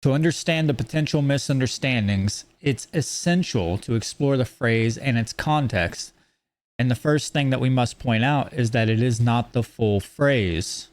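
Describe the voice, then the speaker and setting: A man lecturing in a measured, explanatory way, reading out principles and then commenting on them. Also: mid-range voice, dry recording. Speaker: teacher. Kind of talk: lecture on esoteric teachings.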